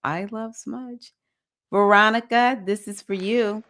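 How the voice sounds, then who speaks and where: A woman with a Southern US accent hosts a relaxed live stream as a spiritual teacher, warmly reading viewers' comments aloud and encouraging them. Her voice is medium in pitch, slow, with fairly even intonation.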